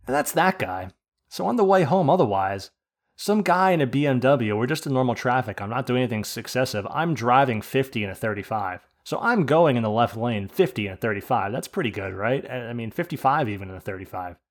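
A man from the United States telling an animated, profane rant on a casual podcast. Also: mid-range voice, a little fast. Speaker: podcast host. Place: podcast studio.

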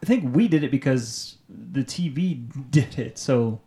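A man's voice: mid-range voice, expressive, measured pace, dark tone. A young man co-hosting a podcast in casual chat, joking and often laughing. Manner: laughing, joking, sometimes sings. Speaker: podcast co-host.

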